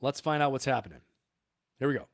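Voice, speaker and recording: A man's voice: medium pitch, fast, no room sound, clean studio sound. A man hosting a live show, talking casually and rambling with frequent laughs. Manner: animated, rambling, laughs often. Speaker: livestream host.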